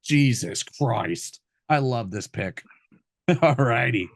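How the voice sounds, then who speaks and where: A man co-hosting a casual sports betting podcast, joking loudly and swearing freely. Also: medium pitch, lively intonation, slow pace, no echo, studio quality. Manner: loud, jokey, swears a lot. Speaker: podcast co-host.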